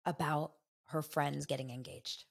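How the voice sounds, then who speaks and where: A woman hosting a podcast, gossiping in a chatty, animated and opinionated way. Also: low-pitched, a little slow, vocal fry, slightly rough. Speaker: podcast host. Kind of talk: casual gossip chat.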